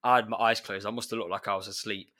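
A man, a secondary school maths teacher, talking in a relaxed chat and acting out his pupils as he tells stories. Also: fairly low pitch, fast. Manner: chatty, animated when retelling pupils. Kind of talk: casual chat.

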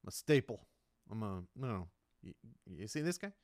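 A man's voice: lowish voice, big pitch swings, moderate pace, a little mellow, dry recording, studio quality. A man, a comedian, rambling through a solo podcast monologue in a self-mocking way, with lots of restarts.

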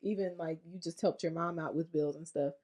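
Candid woman with a lowish voice. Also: fairly even intonation, brisk, warm tone. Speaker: podcast co-host. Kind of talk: casual couple chat.

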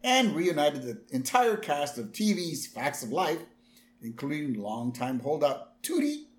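A man's voice: on the high side, big pitch swings, a little slow, echoey room. A man lightly putting on a smug, brainy cartoon girl as he reads out her line on a podcast.

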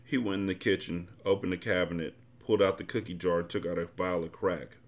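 A man's voice: low-pitched, fairly even intonation, a little fast. A man hosting a podcast, reading a novel aloud and then commenting bluntly and casually. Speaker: podcast host and reader.

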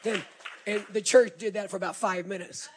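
A middle-aged male pastor with a Southern accent, preaching a sermon as an animated storyteller who repeats words and builds to shouts. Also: high voice, normal speed, crowd noise, background noise.

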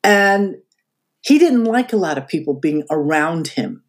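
An older woman, unhurried and low-voiced, shares stories from her past as a podcast guest. She tells them in an animated way during the interview, voicing the people she quotes.

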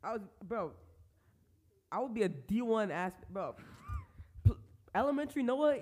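High-voiced young man telling stories. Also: normal speed. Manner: animated storytelling with slang. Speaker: podcast co-host. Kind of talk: casual chat.

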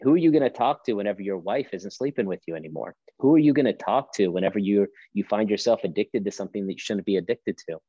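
Emphatic low-voiced male pastor. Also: quick pace, few pauses, dark tone, slightly rough, no room sound, muffled recording. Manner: emphatic, preacherly, rhetorical questions. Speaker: pastor and podcast guest. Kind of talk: podcast conversation.

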